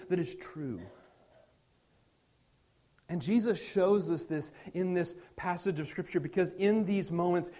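Pastor guy preaching, pretty high voice, earnest, gets loud then drops real quiet. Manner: earnest, shifts from loud stress to quiet near-whispers. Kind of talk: sermon.

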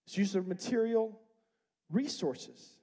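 A pastor preaching a sermon, reading scripture aloud and asking the congregation questions, building to loud, emphatic passages. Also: male voice, animated, takes it slowly. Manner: emphatic preaching that rises to loud, high peaks; quotes and explains scripture with rhetorical questions.

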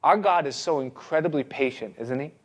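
A man preaching a sermon, speaking expressively with dramatic pauses and rising emphasis. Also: a little high, husky.

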